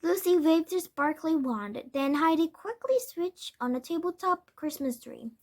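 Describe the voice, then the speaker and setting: A woman reading a children's storybook aloud, careful and steady, now and then correcting a word. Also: extremely high pitch, a little slow. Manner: careful, with small self-corrections. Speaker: storybook reader. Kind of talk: children's book read-aloud.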